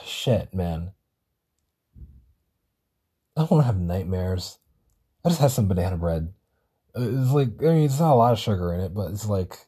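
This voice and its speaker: A man's voice: on the low side, warm tone, husky. A man hosting a solo podcast, talking in a rambling casual way, swearing and correcting himself often. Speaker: podcast host.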